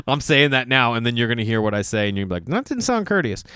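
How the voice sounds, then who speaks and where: Animated storytelling man, lively pitch. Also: a little fast, clear, resonant tone, no echo, clean studio sound. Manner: animated, acts out quoted voices, swears. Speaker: comedian host. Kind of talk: storytelling monologue.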